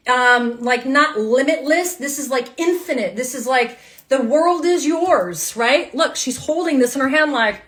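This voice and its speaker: A woman's voice: high-pitched, a bit bright. A woman giving a live tarot reading to her viewers, emphatic and fired up, repeating her phrases and swearing casually. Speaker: tarot reader.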